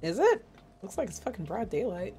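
A woman's voice: medium pitch, huge pitch swings, a little fast, warm tone. A woman VTuber streamer giving live commentary as she plays a game, reacting emotionally and swearing freely.

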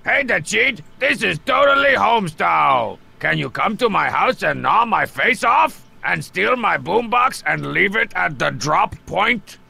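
A man voicing a brash, cocky masked wrestler in a game, with a raspy, gravelly voice and a sarcastic, scheming manner. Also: sits high, sing-song, unhurried, hardly any pauses, sharp tone, exaggerated voice. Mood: prank calling.

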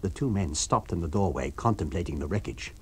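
Low, husky male storyteller. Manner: measured, expressive storytelling. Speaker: narrator. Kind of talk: abridged audiobook reading for radio.

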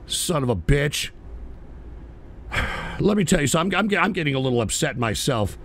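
A male talk show host ranting at his audience in a profane, combative way, often shouting. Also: fairly high pitch, sing-song, moderate pace, a little hiss or hum. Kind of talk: live call-in talk show rant.

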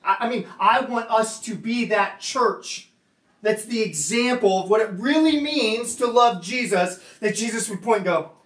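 A man preaching a sermon in a conversational way, dropping to a hushed lower voice when he quotes God. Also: a little slow. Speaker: pastor. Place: church meeting room. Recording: roomy sound from a distant mic.

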